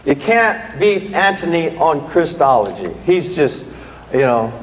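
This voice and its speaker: A man's voice: fairly high pitch, very animated, a little slow, big-room sound, slight background noise, low-quality recording. An older man from the American South with a Southern drawl, giving a guest preacher's rambling, folksy opening remarks in a church. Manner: rambling, folksy, self-deprecating. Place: church hall.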